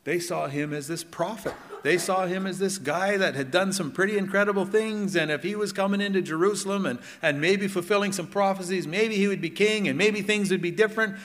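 A middle-aged man preaching a sermon in a conversational way, asking the congregation questions and swinging between loud and hushed. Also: high voice, fairly quick, hardly any pauses, big-room sound. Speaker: pastor. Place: church hall.

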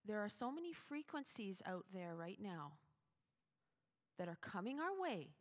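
A woman's voice: medium pitch, unhurried. Chatty woman giving a devotional talk. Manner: chatty, animated, with sudden loud emphasis. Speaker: devotional speaker. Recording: long hall reverb.

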